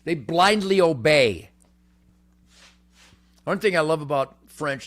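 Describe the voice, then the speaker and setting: An older man hosting a rambling, boastful monologue, brash and cocky, swinging from booming shouts to low mutters. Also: expressive, takes it slowly, pauses often. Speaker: host.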